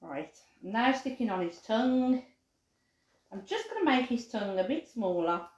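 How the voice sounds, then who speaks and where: A fairly high-voiced woman walks children through a paper craft in a chatty, animated way. Her voice swings widely in pitch. The room around her is echoey. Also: moderate pace, muffled recording. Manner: chatty, animated, says dog barks playfully. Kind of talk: live craft demonstration for children.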